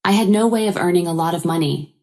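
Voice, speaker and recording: A woman's voice: lowish voice, quick pace, a little mellow, natural voice. A woman voicing a greedy, scheming husband who talks in a blunt, scornful way. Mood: cold.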